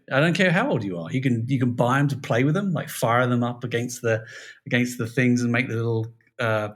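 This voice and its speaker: Chatty British man, podcast guest. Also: mid-range voice. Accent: British English. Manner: chatty, self-deprecating, lively. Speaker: toy design director, podcast guest. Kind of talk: casual podcast interview.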